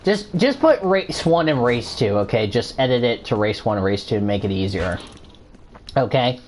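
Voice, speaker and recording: A man hosts a loose, casual show while playing a game at the same time. He rambles through his explanations, restarts his sentences, and curses freely whenever the game annoys him. His voice sits at a middling pitch with a faint hiss of noise underneath. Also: lively intonation, moderate pace. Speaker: show host. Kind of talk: casual chat while gaming.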